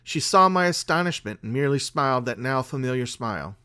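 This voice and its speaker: A man hosting a podcast and reading a spooky tale aloud in a measured, dramatic way. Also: medium pitch, expressive, sharp tone, clear, resonant tone. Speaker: podcast host and story reader. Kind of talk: scripted story narration.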